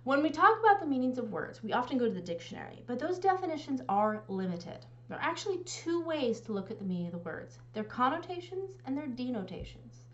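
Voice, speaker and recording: A woman instructor giving a recorded lecture with a clear, explanatory teaching manner. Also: high voice, very animated, fairly quick, hardly any pauses, dull audio.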